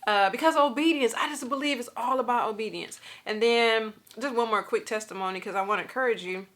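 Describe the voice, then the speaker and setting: A woman vlogging a personal faith testimony in a casual, lively way, talking straight to her viewers and laughing through her stories. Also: on the high side, fairly quick.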